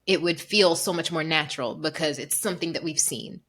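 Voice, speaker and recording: Bright, animated woman podcast host. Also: low voice, a little fast. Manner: animated, laughs often, acts out quotes. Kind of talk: casual conversation.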